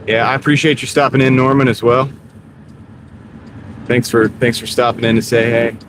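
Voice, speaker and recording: A man talking loosely to his viewers while he drives at night, on a clip-on mic. His voice is mid-pitched, and the steady hum of the car and the road carries clearly underneath it. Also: moderate pace. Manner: chatty, greets chat viewers by name. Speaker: streaming gig delivery driver. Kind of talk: casual live-stream chat while driving. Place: inside a moving car. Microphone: wireless clip-on mic. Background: car and road noise.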